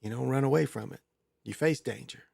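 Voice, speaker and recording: A man's voice: mid-range voice, a little fast, vocal fry, a little mellow, dry recording, studio quality. A man hosting his own show in a rambling, crude, casual monologue full of fillers. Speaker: show host.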